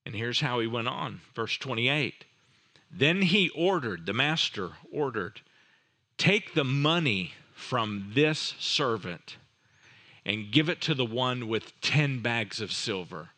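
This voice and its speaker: A man's voice: mid-range voice, animated, takes it slowly, bright, forceful tone. A man preaching a sermon, retelling a parable dramatically with rhetorical questions and voiced characters. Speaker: pastor.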